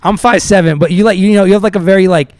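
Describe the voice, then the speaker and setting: A man in his thirties, a podcast host and musician from the southern United States, chatting casually and telling lively stories with loud excited bursts and soft asides. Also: high-pitched, racing, no echo, clean studio sound. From Southern US, Tampa. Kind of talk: casual chat.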